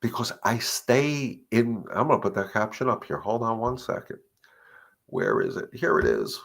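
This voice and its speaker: A man's voice: mid-range voice, sing-song, creaky, fairly bright tone. Earnest man coaching dog owners live. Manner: earnest and emphatic, repeating points, acting out dogs and owners in quick asides. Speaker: dog trainer hosting a live Q&A. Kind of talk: live-stream advice talk.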